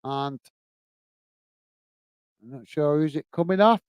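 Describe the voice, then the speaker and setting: A man's voice: on the high side, slow pace, clear, resonant tone, no room sound. A man hosting a live football watch-along from home, commentating on the match and chatting with viewers, laughing often. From England.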